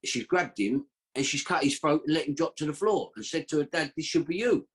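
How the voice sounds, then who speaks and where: A man's voice: on the high side, animated, fairly quick, fairly bright tone. A man telling a long story as a podcast guest, rambling and slangy, with a streetwise way of talking. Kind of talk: casual storytelling.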